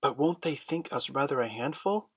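A man voicing a worried young boy in a husky voice. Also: mid-range voice, expressive, normal speed.

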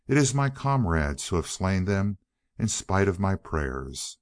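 Sly wheedling fox, read by a man, low voice, lively lilt, storybook. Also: measured pace, no echo, clean studio sound. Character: sly cunning male fox.

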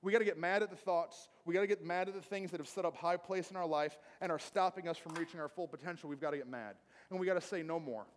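A man's voice: sits high, fast talker, hardly any pauses. A pastor preaching a sermon from the pulpit to his church, emphatic and repetitive, calling out to the congregation. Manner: emphatic, repetitive preaching with audience call-outs. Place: church sanctuary, speaking from the pulpit. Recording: long reverb of a church hall.

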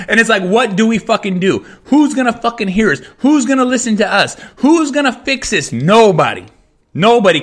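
A man's voice: high-pitched, bright, forceful tone. A man hosting a podcast, ranting angrily with constant swearing and repeated phrases. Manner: heavy swearing, repetitive, furious. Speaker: podcast host. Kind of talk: angry rant.

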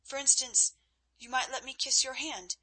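A woman's voice: high-pitched, steady tone, normal speed, pushed and bright, husky, full character voice, rough recording. A woman reading an ardent young knight. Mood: pleading. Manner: pleading and wry. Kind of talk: audiobook character reading.

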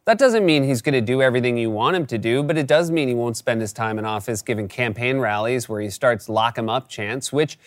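A man's voice: mid-range voice, brisk, hardly any pauses, no echo. A man hosting a late-night comedy show, delivering a scripted sarcastic monologue.

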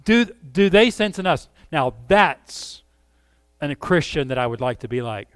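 Impassioned male preacher, smooth clear voice. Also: a little high, expressive, unhurried, dry recording. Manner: impassioned, rising and falling emphasis; asks the congregation direct questions. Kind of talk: sermon.

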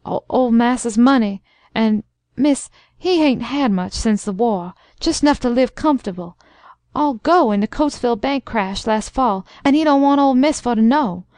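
Casting: woman reader doing a very old, timid manservant in a storybook, stammering, higher voice, dry sound. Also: dry recording, natural voice. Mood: timid pleading. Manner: halting, stammering speech. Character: timid earnest very old male servant.

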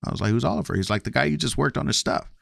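Very fast and animated, a man's mid-range voice carries vocal fry and a fairly bright tone in a clean, echo-free studio recording. He's a guest relaying his personal testimony casually and candidly, acting out earlier exchanges in varied voices.

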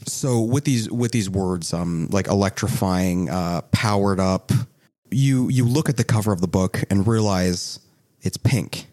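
Low-voiced man running a tabletop game. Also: measured pace, mellow. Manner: joking, rambling narration with restarts. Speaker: game master.

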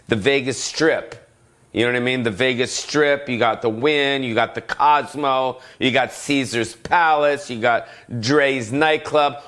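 A middle-aged man hosting a solo comedic podcast rant, rambling and profane, cutting himself off and now and then breaking into yells. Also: medium pitch. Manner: rambling, profane, self-interrupting, bursts of yelling. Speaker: podcast host.

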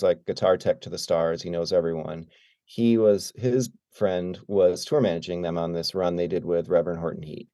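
Brief: middle-aged male guest, mellow low voice, dry close sound, lively storyteller. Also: no room sound. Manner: animated, acts out quoted dialogue. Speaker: guest drummer. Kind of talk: casual storytelling.

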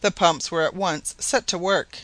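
Brief: male narrator, high bright voice, dry close recording, steady storytelling. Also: a little slow, no room sound. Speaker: audiobook narrator. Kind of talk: scripted narration.

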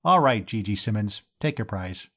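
A man reading an audiobook, voicing a tipsy, pompous young upper-class man who blusters and climbs into high indignation. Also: lively intonation, normal speed, a bit bright. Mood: blustering.

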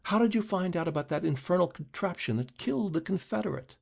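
A man voicing a grim, rasping middle-aged male deputy who questions relentlessly. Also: high-pitched, expressive, fast talker, darkish tone, voice pushed up, full character voice. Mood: accusing.

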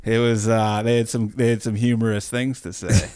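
A man's voice: fairly low pitch, moderate pace, clean tone, no echo, clean studio sound. A man in casual podcast chat, telling stories with lots of profanity and acted-out quotes. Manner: profane, animated storytelling with put-on quotes.

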